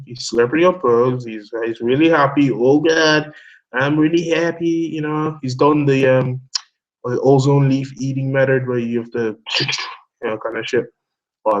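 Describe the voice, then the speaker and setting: An excitable man rambles in loose, casual commentary, swearing freely, laughing often and doubling back on his own thoughts. His voice sits at an ordinary middle pitch. The recording sounds slightly dull and lo-fi. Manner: excitable, swears often, laughs a lot, talks himself in circles. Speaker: host of an online discussion hangout.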